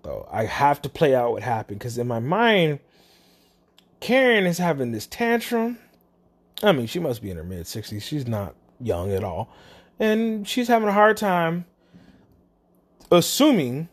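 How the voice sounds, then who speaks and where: A lively vlogger tells a store story in a casual, chatty way. The voice jumps around a lot in pitch, dropping to low asides and then shooting up for punchlines, all in a steady middle register. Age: adult, parent. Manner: animated, swings between mutters and exclaims.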